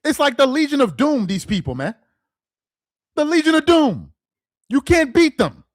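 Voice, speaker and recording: Very animated and speaking at normal speed, a male sports host rants to camera with a high, widely swinging voice and scornful disbelief. His rhetorical questions come rapid-fire, he stumbles over repeated words in his excitement, and he escalates to shouting; the audio is close, dry, and free of room sound.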